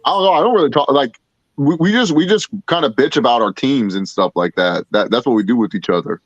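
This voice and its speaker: A man's voice: medium pitch, fast talker, no echo, dull audio. A man co-hosting a casual sports watch-along, telling a story with lots of laughs and swearing. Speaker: podcast co-host.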